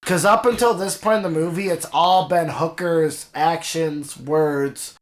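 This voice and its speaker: A man's voice: fairly high pitch, fairly even intonation, a little slow. A young man casually discussing a movie with a friend over drinks, letting his voice trail off at the ends of phrases. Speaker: podcast co-host.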